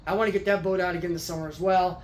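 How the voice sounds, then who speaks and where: A man hosting a casual workshop vlog in his home garage, talking in a rambling, halting way with many restarts, a little out of breath. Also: sits high, steady tone, reverberant, a little hiss or hum. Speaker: garage channel host.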